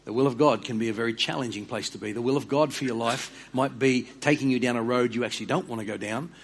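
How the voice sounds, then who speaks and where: An earnest man preaching a sermon, repeating and restarting words and dropping quiet for emphasis. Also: mid-range voice, fast, breathy edge. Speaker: pastor.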